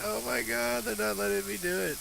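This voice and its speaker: A man streaming a game live, excitable and profane, laughing loudly and yelling at his character. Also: high-pitched, fairly quick, creaky.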